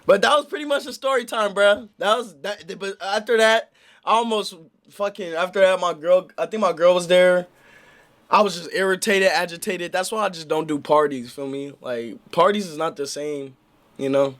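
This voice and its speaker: High-voiced young man rambling in slang. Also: moderate pace, a bit bright. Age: young adult. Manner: slangy, rambling, talks to chat. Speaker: streamer. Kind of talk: casual story time on a livestream.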